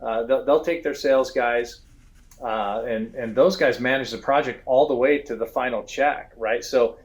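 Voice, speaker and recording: Man, guest expert, casual animated storyteller, acts out customers mid-sentence. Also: mid-range voice, moderate pace. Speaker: guest, roofing software expert. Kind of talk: conversational business interview.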